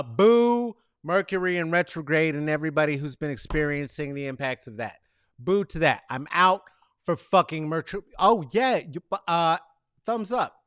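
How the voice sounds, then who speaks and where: Animated, brassy man ranting casually. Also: fairly high pitch, smooth, no echo, studio quality. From San Francisco Bay Area. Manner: swearing, rambling, animated rants with mock booing. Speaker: host. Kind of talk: casual comedic monologue.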